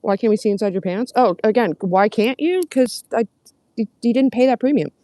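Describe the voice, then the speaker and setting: A woman's voice: a little high, brisk, warm tone, no echo. A young woman, livestreaming and reading out comments in casual, sarcastic, profane chat. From Canada.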